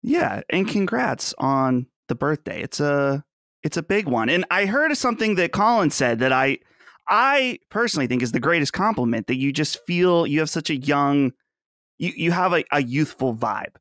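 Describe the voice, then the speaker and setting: A man's voice: fairly high pitch, very animated, moderate pace, fairly bright tone, dry recording, studio quality. A man in his thirties from Western Pennsylvania, hosting a casual podcast chat in a chatty, joking way. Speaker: podcast host.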